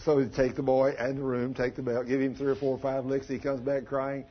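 A man's voice: medium pitch, little pitch movement, brisk, hardly any pauses, slightly rough, dull audio. A man preaching a folksy sermon, full of stories and questions put to the congregation. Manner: folksy, plain-spoken, asks the audience questions.

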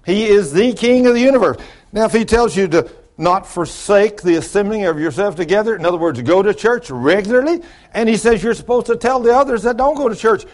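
A man preaching with a fairly high voice. He tells stories in a folksy way, sinking to quiet asides and then climbing to loud, high exclamations. Now and then he drifts away from the microphone. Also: fairly quick. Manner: folksy storytelling, swinging from low mutters to high exclamations. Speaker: pastor. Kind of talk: sermon.

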